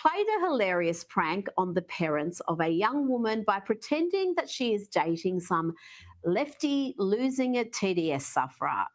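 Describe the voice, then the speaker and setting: A woman's voice: mid-range voice, very animated, normal speed. Sarcastic woman news commentator. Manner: sarcastic, mocking delivery.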